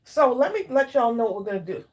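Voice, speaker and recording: A woman hosting a casual craft livestream, chatting warmly with viewers by name and drawing out her exclamations while she eats. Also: a little high, sing-song, quick pace. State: eating while talking. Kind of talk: casual live chat with viewers.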